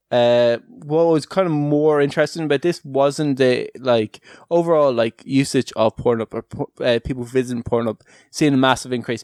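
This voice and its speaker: An Irish man in casual podcast chat, his voice smooth and resonant and close to the mic with no room sound. He rambles through stats, fills gaps with "like" and breaks into laughs often. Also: mid-range voice, a little mellow, no room sound. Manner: chatty, laughs often, many "like" fillers. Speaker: podcast host.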